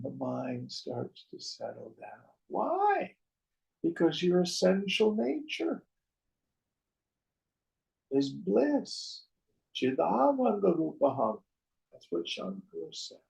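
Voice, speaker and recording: A man giving a slow, measured spiritual talk on scripture, his voice trailing off softly at the ends of phrases. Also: a little high, very animated, creaky, rough recording. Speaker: spiritual teacher.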